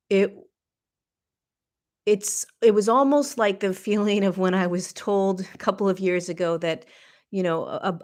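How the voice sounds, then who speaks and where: This is a podcast monologue from a middle-aged woman, unhurried and introspective with a spiritual bent. Her pitch sits in the medium range, and she pauses emotionally while hunting for what to say.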